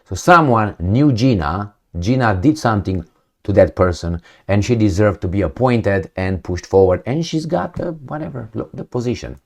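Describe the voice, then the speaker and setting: A man's voice: lowish voice, animated, normal speed, gravelly. A man hosting his own commentary show, talking in a sardonic, lecturing way with mocking asides and rhetorical questions. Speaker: political commentary host. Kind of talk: casual opinion monologue.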